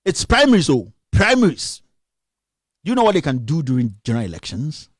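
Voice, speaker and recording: A man's voice: fairly high pitch, huge pitch swings, fairly quick, dry recording, clean studio sound. A young Ghanaian man with a Ghanaian accent, delivering an impassioned political rant on a live stream and firing off scolding rhetorical questions. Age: young adult. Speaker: radio commentator.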